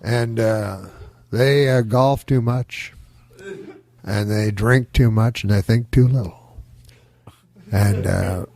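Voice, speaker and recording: A man impersonating an aging male president, musing on life in a halting, rambling way. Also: mid-range voice, creaky, warm tone, no echo, studio quality.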